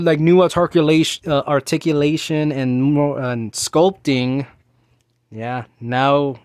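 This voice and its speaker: A man in his thirties with a slightly high voice, talking on his own in a loose, rambling way. He drifts into annoyed rants and keeps restarting his sentences. The sound is close and dry, with no room echo. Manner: rambling, ranting, with many restarts and fillers. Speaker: podcast host. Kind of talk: casual solo chat.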